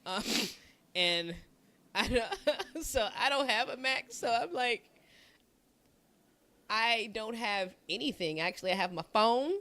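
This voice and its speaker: Lively, bright-voiced woman podcaster. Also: fairly high pitch, unhurried. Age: middle-aged. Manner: animated, laughing, slangy and profane. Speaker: podcast co-host. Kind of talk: casual chat.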